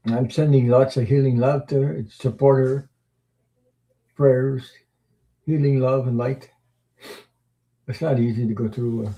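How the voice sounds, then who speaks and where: A man hosting a tarot livestream, chatting casually with viewers in a rambling, halting way, with many fillers and chuckles. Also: mid-range voice, dark tone, lo-fi sound. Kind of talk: casual livestream chat reading viewer comments.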